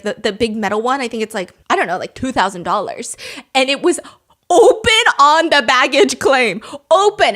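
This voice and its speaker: A young woman hosting a podcast, telling a story in casual chat, animated and laughing often as she acts out what people said. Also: a little high. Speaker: podcast host.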